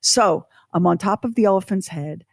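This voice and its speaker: A woman co-hosting a podcast, telling a personal story in an animated, self-deprecating way with acted-out quotes. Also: mid-range voice, normal speed, vocal fry, no room sound, clean studio sound. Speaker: podcast co-host.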